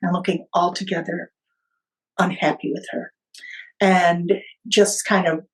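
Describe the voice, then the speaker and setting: A woman guest on a podcast, telling a family story in an unhurried, vivid way. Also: lowish voice, little pitch movement, rough recording.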